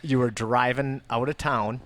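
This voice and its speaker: A man's voice: mid-range voice, fairly even intonation, unhurried, fairly bright tone, no room sound. A man co-hosting a podcast, chatting casually and teasing his guest with joking asides. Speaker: podcast co-host. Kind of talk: casual chat.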